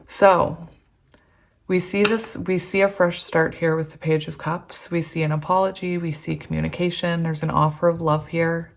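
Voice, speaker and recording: A young woman doing a tarot reading, giddy and giggly, breaking into excited squeals of laughter. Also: lowish voice, moderate pace, creaky. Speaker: tarot reader. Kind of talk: pick-a-card tarot reading.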